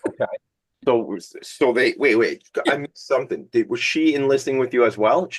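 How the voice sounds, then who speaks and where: A man's voice: mid-range voice, moderate pace. A man hosting a talk radio show in a studio, chatting casually with a guest in a rambling, jokey, enthusiastic way. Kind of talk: casual interview chat. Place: studio streamed on video.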